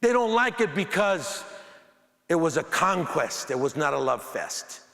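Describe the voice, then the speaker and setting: Gravelly, slightly high man, keynote speaker, animated and playful with the crowd, reverberant auditorium. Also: measured pace. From United States. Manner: animated, emphatic, joking with the audience. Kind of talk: keynote speech with comic storytelling. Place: large auditorium before an audience. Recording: echoey hall with faint crowd.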